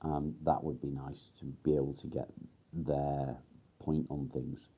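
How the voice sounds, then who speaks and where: A middle-aged man hosting a casual live stream, rambling with many pauses and casual swearing. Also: a bass voice, level tone, creaky, dark tone, breathy edge. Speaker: livestream host.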